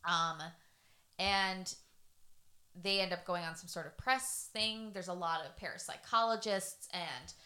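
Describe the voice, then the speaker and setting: A woman's voice: lowish voice, unhurried, bright, forceful tone, clean tone. A young woman co-hosting a true-crime podcast, chatty and loose, with many fillers. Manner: chatty, lots of fillers and laughs. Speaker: podcast co-host. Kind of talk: casual true-crime chat.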